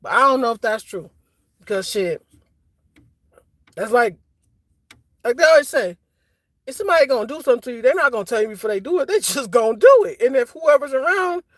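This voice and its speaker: Livestreamer, casual rant, slangy, rambling, high voice, dry close sound. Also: lively intonation, brisk, pauses often, fairly bright tone, dry recording. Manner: rambling and slangy with frequent restarts; blunt, laughing at own jokes.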